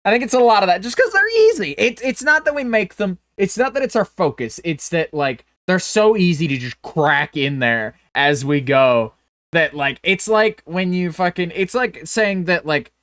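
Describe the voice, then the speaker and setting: Podcast co-host, male, higher register, meandering and salty, with a dry close sound. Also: animated, normal speed, a bit bright, no echo. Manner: rambling, profane, self-interrupting. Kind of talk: casual chat.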